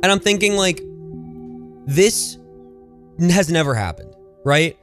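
A man co-hosting a podcast in casual chat, rambling with halting restarts and acting out quoted voices. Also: sits high, animated, fairly bright tone, soft background music. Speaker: podcast co-host.

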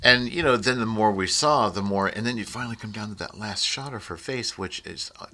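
A man's voice: on the low side, fairly quick, bright, forceful tone, slight background noise. A man hosting a casual conversation, reflective and rambling, with frequent restarts and digressions.

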